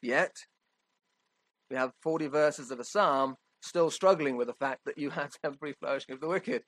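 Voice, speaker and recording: A man's voice: on the high side, normal speed, fairly bright tone, no echo, rough recording. A man preaching a sermon in a conversational, emphatic way, often checking in with his listeners.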